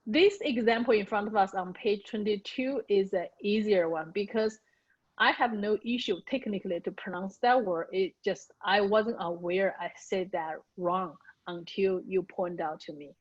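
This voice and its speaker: A woman's voice: mid-range voice, normal speed, highs cut off. A woman from China with a Chinese accent, a native Mandarin speaker, going over her pronunciation with a coach and searching thoughtfully for her words. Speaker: author and student.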